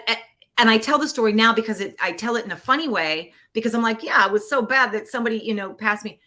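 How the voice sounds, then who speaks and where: A woman guest shares a personal story on a podcast. Her voice is bright and forceful, and she tells it animatedly, acting out the people she quotes. She grows teary as she talks. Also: mid-range voice. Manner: animated, acts out quoted voices, laughs often. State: getting teary. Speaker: podcast guest, producer and actor. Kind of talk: casual storytelling interview. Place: Los Angeles.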